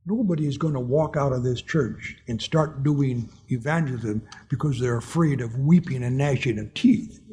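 With a medium-pitched, dark, husky voice, this man delivers a sermon to his congregation. He shares personal stories earnestly and laughs softly at his own anecdotes.

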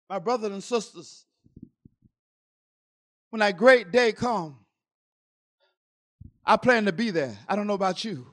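A man's voice: high voice, unhurried, pauses often. A middle-aged man preaching a sermon to a congregation with impassioned, repetitive calls. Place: church service.

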